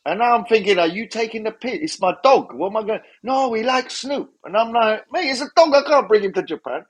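A man's voice: high voice, animated, a little fast. A middle-aged man, telling sarcastic, jokey anecdotes in a casual interview. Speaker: guest DJ.

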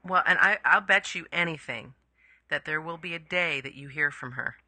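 A woman's voice: low-pitched, moderate pace, bright, forceful tone, dry recording. A woman interview host giving brief, encouraging affirmations to her guest. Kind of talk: listening and responding in an interview.

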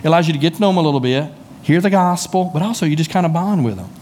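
A man's voice: fairly high pitch, expressive, racing, a little mellow. Folksy Southern preacher, a man. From Southern United States. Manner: folksy, conversational preaching with repeated words and asides. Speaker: pastor. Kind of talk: sermon. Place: church sanctuary.

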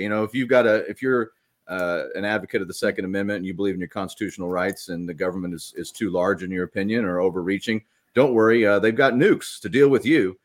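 A middle-aged man co-hosting a political podcast, giving measured, opinionated takes with frequent hesitations. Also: low-pitched. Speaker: podcast co-host. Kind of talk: casual political podcast chat.

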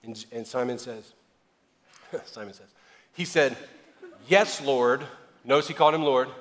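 A male pastor preaching a sermon, animated, joking and acting out dialogue, building to loud emphatic passages. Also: mid-range voice, unhurried, in a large hall.

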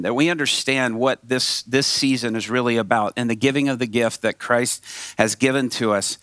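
A man's voice: medium pitch, pushed and bright, no room sound. A man preaching a sermon to a congregation, earnest and storytelling, asking the audience questions.

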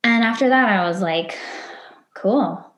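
A woman speaking as a podcast guest, at a middle pitch, recounting a personal story with lively acted-out quotes. The sound is roomy with a clear echo around her voice. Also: unhurried. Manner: animated, acts out her past self and others in quotes.

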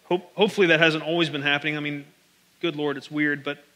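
A man's voice: a little high, little pitch movement, quick pace, pushed and bright. A man pastor giving a casual, joking sermon, talking straight to his congregation from a stage microphone. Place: large church hall. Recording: long reverb of a large hall.

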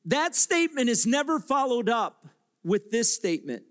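A male pastor preaching a sermon, direct and confrontational with listeners, building into impassioned shouts. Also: extremely high pitch, big pitch swings, normal speed.

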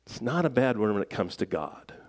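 A middle-aged man preaching a sermon in a relaxed, conversational way, with self-deprecating jokes and frequent fillers. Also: lowish voice, fairly quick. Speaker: pastor.

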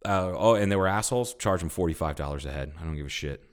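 A man's voice: low-pitched, fast talker, clean tone. A man co-hosting a podcast, telling a road trip story in casual chat, swearing freely and acting out quoted people. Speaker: podcast co-host.

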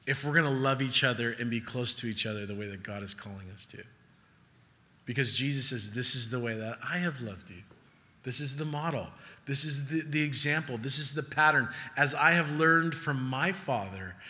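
A man preaching a sermon in a conversational, playful way, acting out quick voices as he goes. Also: mid-range voice, sharp tone. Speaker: pastor. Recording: long reverb of a large hall.

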